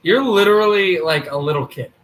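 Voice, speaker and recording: A man streaming amateur hockey play-by-play and chatting casually, excitable and rising to shouts on big plays. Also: sits high, a little fast. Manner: excitable, rises to shouts on goals. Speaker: livestream hockey commentator. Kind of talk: amateur play-by-play commentary mixed with casual chat. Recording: roomy echo.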